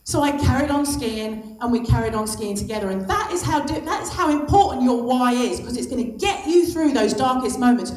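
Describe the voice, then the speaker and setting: A woman's voice: high voice, lively intonation, a little fast, few pauses, darkish tone. A woman in her fifties giving an impassioned motivational speech on stage, stressing her points through repetition. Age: 50s. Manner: impassioned, emphatic, repeats for stress. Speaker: guest speaker. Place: stage at a lunch event. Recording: echoey hall.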